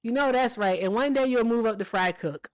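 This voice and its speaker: A woman's voice: on the high side, fairly quick, clear, resonant tone. A woman hosting a live stream in a casual, emphatic way. She is blunt and swears, and she keeps checking in with "all right?" and "okay?". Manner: blunt and profane. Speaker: livestream host. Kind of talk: casual livestream chat and commentary.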